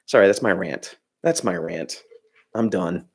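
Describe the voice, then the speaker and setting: A man's voice: low voice, measured pace, a little hiss or hum. A man hosting a casual livestream, rambling and ranting about filmmaking with lots of restarts and reading chat comments aloud.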